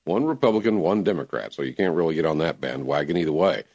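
Animated male talk radio host. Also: very deep voice, fast talker. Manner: animated, emphatic, laughs easily. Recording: dull lo-fi radio broadcast.

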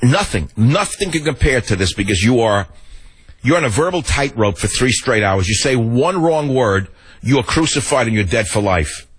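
An older man from the Bronx, hosting talk radio in a gruff, rambling monologue full of animated asides. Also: mid-range voice, normal speed, no room sound, rough recording. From the Bronx, New York.

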